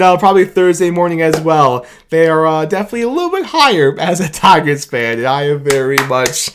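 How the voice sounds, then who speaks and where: A man, an excited fan giving a rambling instant-reaction vlog and laughing between thoughts. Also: a little high, a little fast, hardly any pauses, smooth. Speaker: sports fan YouTuber.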